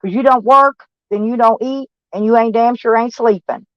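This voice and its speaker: A woman's voice: on the high side, normal speed, dry recording. Older lady venting to camera, swears a lot, dull dry sound. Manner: blunt, profane, venting. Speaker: van-life vlogger. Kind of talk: casual rambling talk to camera.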